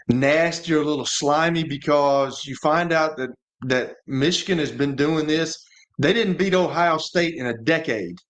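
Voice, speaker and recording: Rambling man telling a story. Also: fairly high pitch. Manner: rambling, repeats and restarts words. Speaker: radio show co-host, former quarterback. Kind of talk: casual sports talk, storytelling.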